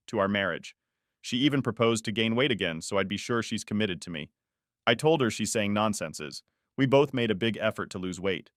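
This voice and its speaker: Deep-voiced man reading a story, dry. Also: fairly bright tone, no room sound. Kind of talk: first-person story narration.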